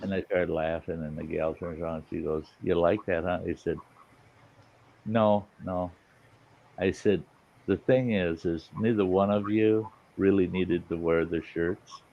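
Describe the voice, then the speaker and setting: Deep-voiced, profane storytelling man. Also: steady tone, normal speed, gravelly. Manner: profane, laughs often while telling stories. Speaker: host. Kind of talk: casual campfire storytelling. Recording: muffled lo-fi audio with faint hiss.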